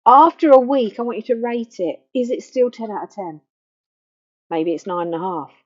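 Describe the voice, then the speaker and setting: Woman grief counsellor, warm low-key tone, soft and unhurried guidance, muffled recording. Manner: gentle, slow and reassuring, softening to a near hush. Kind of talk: guided self-help talk. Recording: dull lo-fi faulty microphone.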